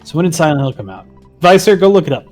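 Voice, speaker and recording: Man, 30s, stream guest, jokey, casual chat, fairly high voice. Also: very animated, very fast, darkish tone, soft background music. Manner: jokey, laughs easily. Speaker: co-host guest.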